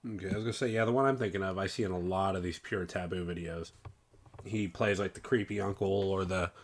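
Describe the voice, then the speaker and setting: A man with a lowish voice co-hosts a casual podcast. He keeps things loose and chummy, tossing in easygoing banter. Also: fairly even intonation, fast. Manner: laid-back, chummy banter. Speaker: podcast co-host.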